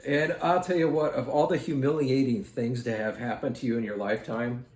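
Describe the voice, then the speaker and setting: With medium pitch, fairly even intonation and a fairly quick pace, a male art-channel host rambles through a story while drawing. He addresses viewers casually and directly, recorded indoors at home with a roomy echo and faint noise.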